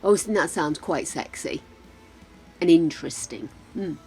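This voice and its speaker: An older British woman streams a game, chatting casually with viewers, laughing a lot and muttering to herself as she plays. Her voice is low, mellow and animated, and she speaks unhurriedly. Faint game music plays in the background.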